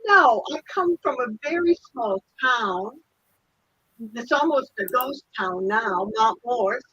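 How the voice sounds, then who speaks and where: A woman's voice: a little high, expressive, slow, bright, forceful tone, slightly rough, no room sound, dull audio. An older woman telling a story in a casual chat, laughing often and acting out other people's lines, heard over a video call. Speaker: guest.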